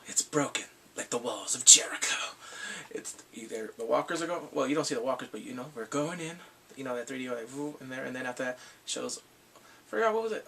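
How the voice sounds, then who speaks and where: A man giving an excitable, casual spoken review of a TV episode, swinging from mumbles to shouts. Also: fairly high pitch, vocal fry, far from the mic.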